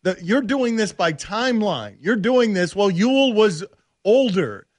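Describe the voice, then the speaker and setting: A man hosting a sports talk radio show, arguing in animated, rambling tangents. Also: sits high, unhurried, no echo, clean studio sound. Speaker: radio host.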